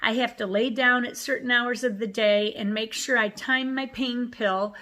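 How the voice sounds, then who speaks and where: A woman's voice: a little high, steady tone, moderate pace, bright, forceful tone. A middle-aged woman vlogging a personal story in casual chat, emotional and retelling conversations in quoted voices.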